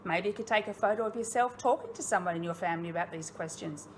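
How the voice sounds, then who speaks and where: A woman's voice: on the low side, quick pace, a little hiss or hum. A woman with an Australian accent, a primary school teacher giving a recorded online lesson to young children. She asks questions and speaks encouragingly and expressively, straight to her pupils.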